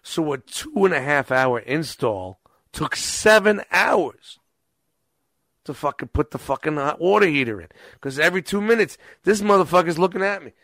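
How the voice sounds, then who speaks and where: A man's voice: a little high, animated, moderate pace, fairly bright tone, dry recording. A man casually telling a rambling, profane story and acting out quotes along the way.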